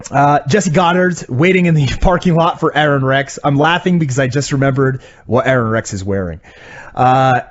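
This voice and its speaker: A man co-hosting a casual podcast, rambling through a wry play-by-play recap of wrestling episodes. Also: medium pitch. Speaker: podcast co-host reviewing wrestling. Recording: dull lo-fi audio.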